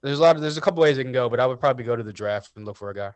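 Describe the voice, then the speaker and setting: A man's voice: mid-range voice, rapid-fire, no echo. Podcast co-host, man, easygoing and agreeable, dry close sound. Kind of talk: casual sports podcast chat.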